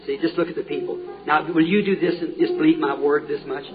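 A man's voice: fairly high pitch, fairly even intonation, fast talker, over music. A man preaching a healing revival sermon, fervently putting questions to the crowd again and again. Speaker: evangelist preacher. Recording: tinny lo-fi old tape.

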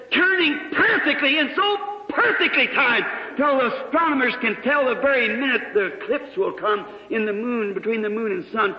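A man preaching a sermon, telling a story with his voice swinging from hushed asides to sudden shouts. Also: very high voice. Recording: echoey hall, muffled old recording.

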